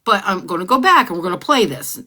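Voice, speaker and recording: A woman hosting a casual live stream, reading out old text messages and often clearing her throat. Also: mid-range voice, expressive, quick pace, bright, forceful tone. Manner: conversational, often clears throat, repeats herself. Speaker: livestream host.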